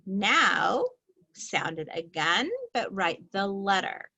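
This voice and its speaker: A woman teaching a reading lesson, slowly stretching out the sounds of each word in a patient, clear way. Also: mid-range voice, expressive, pushed and bright. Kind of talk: slow, patient phonics lesson.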